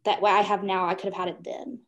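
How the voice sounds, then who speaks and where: A woman's voice: mid-range voice, level tone, fast talker, vocal fry, muffled recording. A woman co-hosting a library podcast, enthusiastic and rambling as she talks with a guest author. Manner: enthusiastic, rambling, gets emotional. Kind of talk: podcast interview.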